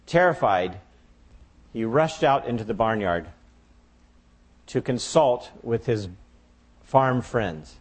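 Expressive male preacher telling a story. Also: mid-range voice, takes it slowly, long pauses. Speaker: pastor. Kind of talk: sermon with storytelling.

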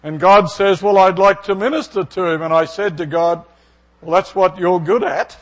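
A man's voice: high-pitched, steady tone, moderate pace, a bit bright. A middle-aged male pastor preaching, telling a personal story and acting out its dialogue. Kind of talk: sermon with storytelling.

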